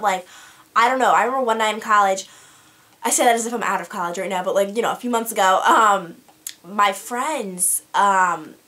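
A woman's voice: mid-range voice, pushed and bright. A teenage girl chatting to camera in a beauty vlog, rambling with lots of fillers and restarts. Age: teens. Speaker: beauty vlogger. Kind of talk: casual chat to camera.

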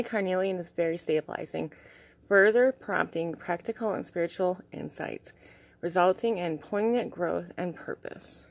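A young woman vlogging in an excited, gushing way, a little out of breath, sometimes dropping to soft asides. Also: fairly low pitch, vocal fry. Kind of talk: casual unboxing chat.

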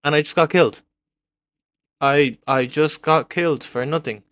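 A young man commenting live on his own gameplay, excitable and repeating words in bursts as he taunts other players. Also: fairly high pitch, normal speed, no echo. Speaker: gaming video creator.

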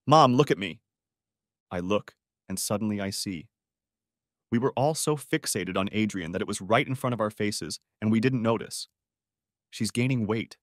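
A man giving an expressive scripted narration of a story. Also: on the low side, moderate pace, no room sound, clean studio sound. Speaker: audiobook narrator.

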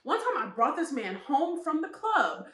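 Animated young woman, lively high voice. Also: unhurried, echoey room. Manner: candid, animated storytelling with frequent laughs. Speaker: vlogger. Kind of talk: casual storytelling vlog.

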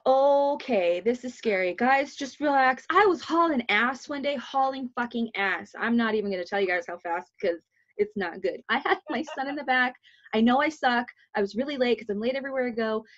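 A young American woman hosts a podcast, telling stories bluntly and swearing a lot in casual chat. Her voice is a little high, a little fast and a bit bright, and the sound is dull and lo-fi.

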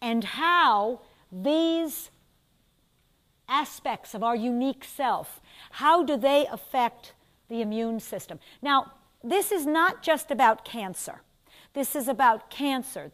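An older woman with a New York accent lectures a class. Her voice sits high, and she talks in quick, chatty asides. She keeps turning to her students with questions. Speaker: instructor.

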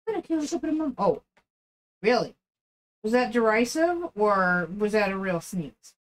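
A woman's voice: mid-range voice, big pitch swings, moderate pace. A woman streaming live, chatting casually with viewers and cooing baby talk at her dog. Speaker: game streamer.

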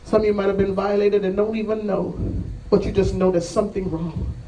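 A man's voice: high-pitched, steady tone, fairly quick, dark tone, a little hiss or hum. A man preaching a sermon and calling people to the altar, impassioned and repetitive, with rising emphatic cries. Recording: voice from a distance off the mic.

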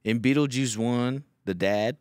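A man's voice: mid-range voice, unhurried, a little mellow, smooth, no room sound, studio quality. A young man hosting a podcast, telling a rambling, profane story in casual chat. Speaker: podcast host.

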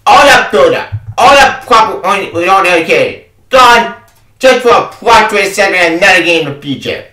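A man's voice: high-pitched, lively intonation, moderate pace, bright, forceful tone, distant mic. A man ranting about a game he reviews, exasperated and swearing, often repeating himself. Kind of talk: angry review rant. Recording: echoey room, away from the mic.

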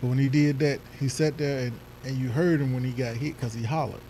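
A man co-hosting a casual talk show, speaking at an average pitch. He is an animated storyteller who acts out the voices of other people. There is a faint hum of noise behind him. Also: a little fast, rough recording. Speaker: podcast co-host; youth football coach. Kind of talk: casual chat.

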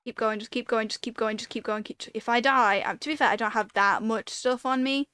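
A woman's voice: on the high side, steady tone, brisk, bright, forceful tone, clean tone, dry recording. A woman giving casual commentary while playing a video game, talking to herself and breaking into panicked repeated pleas. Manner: chatty, rambling storytelling with fillers. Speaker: gaming video creator.

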